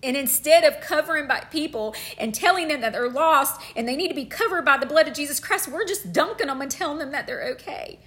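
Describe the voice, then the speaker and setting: A woman's voice: sits high, animated, brisk, hardly any pauses, fairly bright tone. A middle-aged woman preaching a passionate sermon, fervent and emotional, repeating phrases for emphasis.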